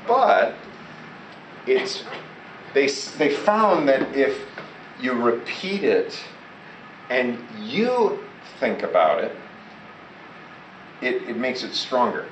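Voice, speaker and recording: Slow, roomy male teacher from afar. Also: medium pitch, sing-song. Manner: prompts students to repeat and answer. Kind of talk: classroom lesson. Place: classroom. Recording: echoey classroom recorded from far off with loud background noise.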